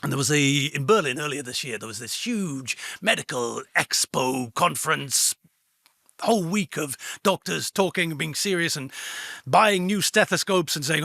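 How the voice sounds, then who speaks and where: A man's voice: on the high side, moderate pace, creaky, dry recording, clean studio sound. A man co-hosting a casual chat, telling stories and acting out the people he quotes. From Britain. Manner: animated storyteller who acts out quoted voices. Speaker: co-host.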